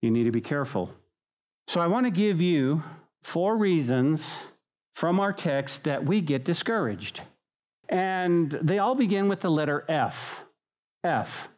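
Man, pastor, animated sermon, slightly high voice, church. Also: a little slow. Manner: animated preaching, acting out the congregation's voices.

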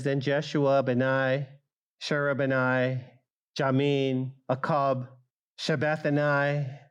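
A middle-aged male pastor preaching a sermon, speaking straight to the congregation and rising loud for emphasis. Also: medium pitch, smooth. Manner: acts out quoted voices of listeners.

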